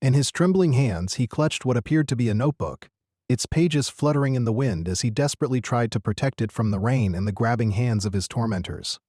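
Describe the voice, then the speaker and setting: A man narrating a scripted story in a steady, earnest manner. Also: mid-range voice, a little fast, husky, no room sound, clean studio sound.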